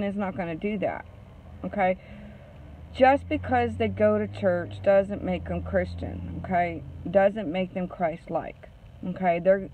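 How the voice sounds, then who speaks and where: A woman's voice: medium pitch, warm tone. A woman counselor from Maine, giving blunt advice in a lecturing way and ending her points with a questioning "okay?". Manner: blunt, scolding. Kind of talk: advice talk. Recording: phone-like narrow sound.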